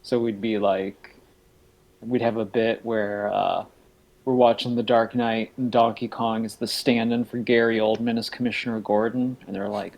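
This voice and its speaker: A young adult man co-hosting a podcast, telling rambling, animated comic stories in casual chat. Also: lowish voice, moderate pace, vocal fry. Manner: rambling, animated storytelling with laughs. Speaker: podcast co-host.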